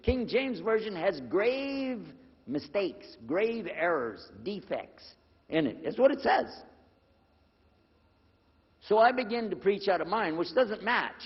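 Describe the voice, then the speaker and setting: An older man telling a personal story to an audience, lively and acting out the dialogue in a husky voice. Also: fairly high pitch. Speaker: speaker telling his conversion story. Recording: dull lo-fi recording with long hall reverb.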